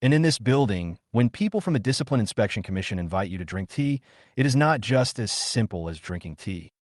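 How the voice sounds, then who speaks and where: A man narrating a first-person story recap in a calm, steady storytelling manner. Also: on the low side, a little fast, no room sound, studio quality.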